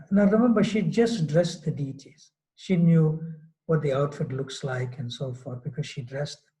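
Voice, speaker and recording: A man delivers a sermon in an easy, storytelling way, circling back with fillers and restarts. His voice sits a little high for a man but stays mellow and dark in tone. He sounds unhurried and conversational. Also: poor audio. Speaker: swami giving a scripture class. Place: temple hall.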